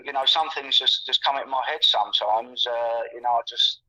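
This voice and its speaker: Heard over muffled, lo-fi call audio, this English guest in his sixties talks fairly quickly in a sharp, medium-pitched voice. His casual conversation rambles, with repeated words and stacked fillers.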